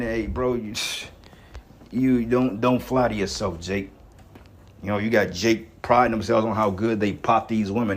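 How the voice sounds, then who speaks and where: A man preaching in a blunt, rough-talking, profane rant. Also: on the low side. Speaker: online preacher.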